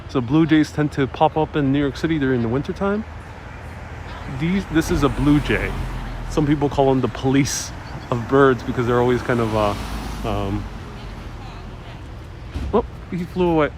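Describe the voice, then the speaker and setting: A man's voice: mid-range voice, expressive, moderate pace, long pauses. A man hosting a live walking tour outdoors, chatting casually to viewers and reading their comments aloud. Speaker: city walk livestream host. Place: outdoors on city streets. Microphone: wireless mic while walking. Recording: outdoor street noise.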